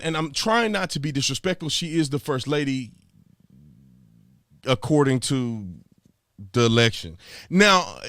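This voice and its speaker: Guy ranting about politics, high voice, swings up and down a lot, dry sound. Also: no room sound. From Texas. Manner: animated, exasperated, repeats himself. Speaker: commentary host. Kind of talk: political commentary rant.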